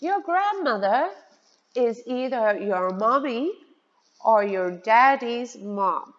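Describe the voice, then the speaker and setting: Slow sing-song woman teaching children. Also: fairly high pitch, animated. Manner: slow, sing-song, spells words letter by letter. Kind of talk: children's vocabulary lesson. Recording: dull lo-fi sound with long reverb.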